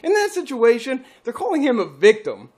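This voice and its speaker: A podcast co-host with a lively, rising-and-falling voice, chuckling as they fill in the details of a story. They agree readily and keep the banter going. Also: sits high, normal speed. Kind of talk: casual comedic chat.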